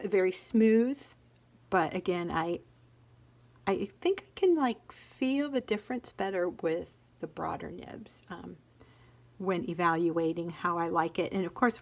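A woman reviewing notebooks and fountain pens in a chatty, musing way, often trailing off into soft whispers. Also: medium pitch. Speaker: stationery vlogger. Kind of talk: casual show-and-tell review.

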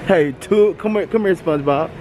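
A man with a St. filming a loud, joking vlog while shopping with his wife, teasing and laughing often. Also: sits high, normal speed, background noise. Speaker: vlogger, husband. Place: Walmart store, then parking lot.

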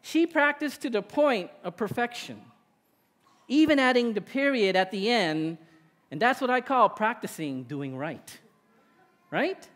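A man with a high voice preaches a sermon in a church. He talks in a relaxed, conversational way and keeps checking in with his listeners. Long reverb hangs on his words, as in a large hall. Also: unhurried, faint music behind. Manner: conversational, with tag questions. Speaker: pastor.

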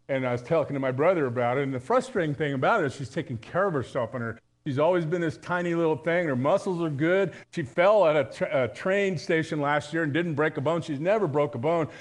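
A man preaching a live sermon in church, talking in a conversational, humorous way with sudden emphatic bursts. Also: medium pitch. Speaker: pastor. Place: church sanctuary.

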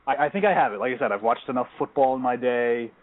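A man's voice: medium pitch, quick pace. A man on a radio panel, chatting casually and joking at his own expense. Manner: joking, self-deprecating. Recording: phone-line audio.

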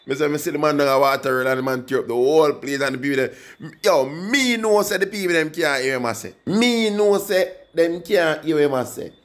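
His voice is a little high and fairly quick, with few pauses, as this young Jamaican vlogger casually reviews a song in patois. He rambles in an animated way and keeps addressing his viewers while reacting to the music.

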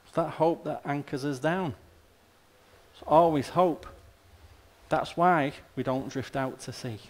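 A man preaching a sermon in a casual, direct way, firing off rhetorical questions and dry asides. His voice sits a little higher than most men's. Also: a little slow. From Australia. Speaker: pastor.

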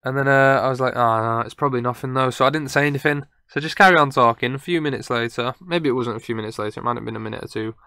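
A man's voice: mid-range voice, rapid-fire, hardly any pauses, sharp tone, no room sound, studio quality. A young man telling a camping story in a casual, rambling way, often correcting himself as he goes. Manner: rambling, self-correcting, chatty. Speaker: podcast host.

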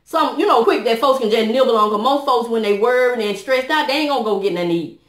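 A woman's voice: fairly high pitch, fast. A middle-aged woman sharing a personal testimony on her vlog, talking in an earnest, preachy way about prayer and helping others. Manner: earnest, preachy, Southern US dialect features. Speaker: vlogger. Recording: echoey room.

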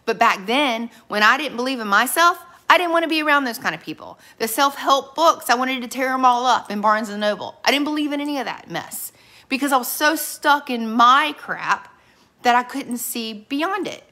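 A woman's voice: high-pitched, lively intonation, normal speed, sharp tone. A middle-aged woman giving a motivational sales team training, telling earnest stories with quoted dialogue and speaking straight to her listeners. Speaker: direct sales team leader.

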